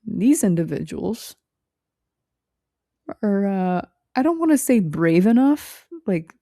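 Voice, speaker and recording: A woman's voice: mid-range voice, sing-song, slow pace, dark tone, no echo, studio quality. A young woman vlogger telling a rambling story in a casual, chatty way, full of fillers and restarts and the odd swear.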